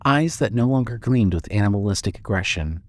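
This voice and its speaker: A man narrating a fan audio drama with steady storytelling. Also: on the low side, a little fast.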